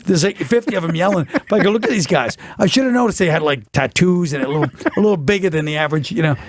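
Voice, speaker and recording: Animated New comedian telling stories. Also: male voice, a little high, very fast, dry recording, clean studio sound. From New York. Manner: animated, acts out other voices in stories. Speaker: guest comedian. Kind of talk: casual storytelling on a talk show.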